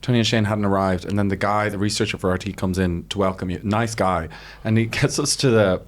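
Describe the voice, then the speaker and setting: A man's voice: fairly low pitch, a little fast. A man with an Irish accent, a guest comedian telling stories in casual podcast chat, acting out the people he quotes. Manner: animated storytelling, acts out quotes.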